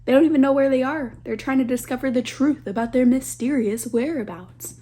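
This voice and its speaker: A young woman in her twenties, talking fast and excitedly in a casual reading vlog. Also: high voice. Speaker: book vlogger.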